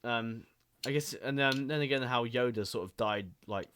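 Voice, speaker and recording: Young man, podcast host, casual rambling chat, frequent swearing and laughs, bright tone, faint clicking noise. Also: mid-range voice, normal speed.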